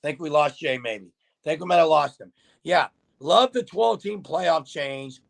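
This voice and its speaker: Chatty male livestream host, gravelly and a touch high-pitched, talks straight to the viewers. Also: expressive, unhurried. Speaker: host of a sports livestream show. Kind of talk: casual sports talk, reading viewer comments.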